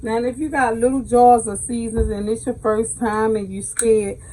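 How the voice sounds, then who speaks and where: A Southern American woman talks viewers through a recipe in her home kitchen, chatty and emphatic, calling them baby. Her voice sits a touch high but sounds mellow and soft, with a husky edge. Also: level tone, normal speed, poor audio. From Southern United States. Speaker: cooking channel host. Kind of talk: casual cooking tutorial.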